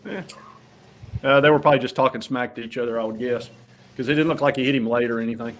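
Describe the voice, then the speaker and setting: A man hosting a casual live sports talk stream, talking in a relaxed, rambling way with frequent restarts. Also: medium pitch, fast. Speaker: host.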